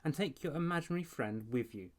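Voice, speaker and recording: A man's voice: a little high, lively intonation, fast talker, pitched above the performer's own voice, lightly acted. Male narrator playing a teasing, mocking young boy in a storybook reading. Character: teasing mean-spirited boy.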